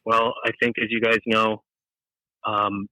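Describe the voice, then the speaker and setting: A halting, awkward caller, as a man plays him. His voice is low and flat, with a tense, bright edge, and is recorded dry. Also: no echo, rough recording. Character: awkward shy caller with intimacy trouble. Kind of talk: improvised comedy sketch.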